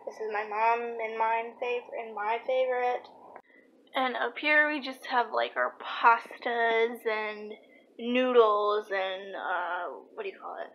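A young woman chats to her viewers at home in a casual vlog, often pausing to hunt for the right word. She talks at a slow, easy pace in a somewhat high voice. A clear hum of household noise sits behind her. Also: steady tone, muffled recording. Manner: chatty, trails off searching for words. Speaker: vlogger. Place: home, kitchen. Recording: noisy home ambience.

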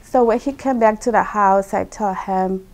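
A woman's voice: mid-range voice, normal speed. A woman telling her personal story as a guest. She uses simple, non-native English phrasing, speaks earnestly and with emotion, and repeats words for emphasis.

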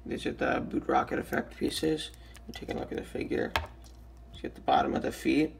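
A young man with a raspy, just-woken-up voice, casually reviewing a toy with lots of ums and restarts. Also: medium pitch, fairly even intonation, normal speed, slight background noise. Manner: hesitant, many ums and restarts.

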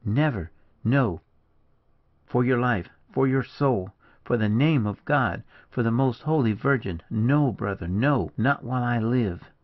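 A man's voice: mid-range voice, moderate pace, creaky, highs cut off. A man reading aloud, voicing a passionate, loyal young Spanish woman in an audiobook. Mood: pleading. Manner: pleading, rising and emotional.

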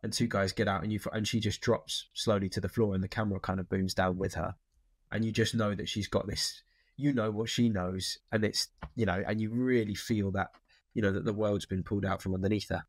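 A man's voice: lowish voice, steady tone, a little fast, no echo. A man, a guest in an interview, talking thoughtfully about films with many restarts. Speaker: actor guest. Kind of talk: casual interview chat.

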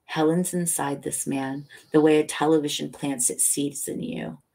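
A woman reading a novel aloud as a bedtime story, steady and low-key. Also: normal speed, creaky. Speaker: audiobook reader.

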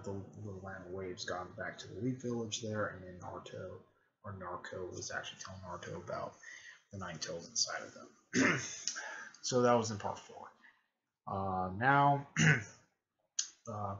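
Man, low-ish voice, rambling casual recap, lots of fillers, clears throat often, dull lo-fi audio. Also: fairly bright tone. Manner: halting, full of fillers and frequent throat clearing. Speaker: video creator recapping a fan series. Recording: dull lo-fi recording.

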